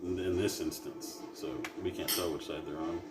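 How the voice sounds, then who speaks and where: A man's voice: deep voice, fairly even intonation, normal speed, heavy background noise. A man playing a tabletop game, asking questions and planning moves aloud in casual chat. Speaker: player. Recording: roomy sound with music.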